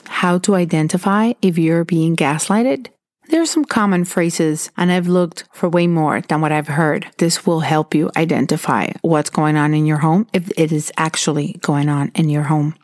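Speaking at a moderate pace in a low, slightly mellow voice, a woman offers advice by sincerely and frankly recounting her own experiences. The sound is studio quality, free of any room reverb.

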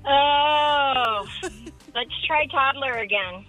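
A woman's voice: sits high, very slow, loud music behind the voice, poor audio. A woman calling in as a game contestant, hesitant and laughing.

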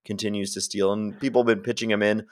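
A man's voice: on the low side, level tone, quick pace. A man co-hosting a sports podcast, chatting casually and laughing easily. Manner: laughs easily, loose and joking. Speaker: podcast co-host.

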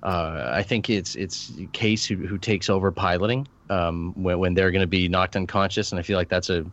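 A man's voice: low-pitched, steady tone, moderate pace, fairly bright tone, dull audio. A man discussing a film on a podcast, enthusiastic and full of fillers and restarts. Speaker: podcast panelist.

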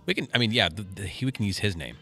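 A man's voice: lowish voice, expressive, very fast, sharp tone, soft background music. A man co-hosting a podcast, steering the casual chat in an easygoing way. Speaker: podcast co-host.

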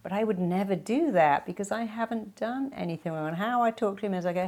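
A woman's voice: mid-range voice, fast, hardly any pauses, a little mellow. A woman hosting an advice podcast, giving listeners direct, instructive coaching. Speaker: podcast host and therapist.

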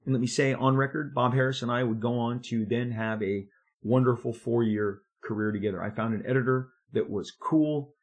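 A man in his fifties tells a career story with animated, emphatic energy, rushing ahead when excited. His voice is husky with a mid-range pitch. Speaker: comic book artist. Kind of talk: storytelling monologue.

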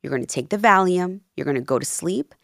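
A woman in her thirties with a notably low voice tells her story in a casual interview. She acts out each quoted exchange with lively emphasis. The sound is dry and close. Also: a little fast, creaky, no room sound. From Peru and New Jersey. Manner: animated, acts out quoted dialogue. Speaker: podcast guest, life coach.

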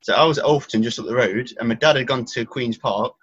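A man, hosting a podcast and telling stories quickly and casually. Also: medium pitch, fairly bright tone, slightly rough. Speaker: podcast host and commentator. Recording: dry lo-fi audio.

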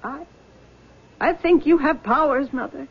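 A woman's voice: high-pitched, a little slow, vocal fry. An actress playing a distraught young woman in a 1970s radio drama, tense and accusing, close to sobbing. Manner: tense, accusing, breaking into sobs. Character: distraught young woman haunted by her lost love. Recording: dull lo-fi old radio recording.

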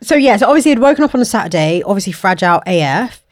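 A woman's voice: mid-range voice, very animated, rapid-fire, dry recording. A young London woman co-hosting a casual chat podcast, telling stories at length in slangy, sweary chat. Her voice sits mid-range and sounds close and dry. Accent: London English. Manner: chatty storytelling, swearing, slangy. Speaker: podcast co-host.

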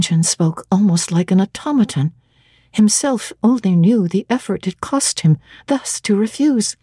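A woman giving a measured, expressive dramatic reading of a classic novel on a close microphone. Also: mid-range voice, husky, no room sound.

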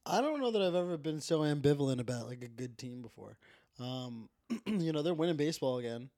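A man's voice: a little high, animated, fairly quick, mellow, no echo, studio quality. A man co-hosting a casual sports podcast, laid-back and wisecracking. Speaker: podcast co-host. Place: indoors at a table with the host.

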